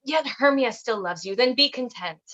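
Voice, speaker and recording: A woman's voice: normal speed, muffled recording. A woman playing a plaintive spurned young woman. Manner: plaintive, lively pitch. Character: young spurned woman chasing her love. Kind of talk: Shakespeare stage reading over video call.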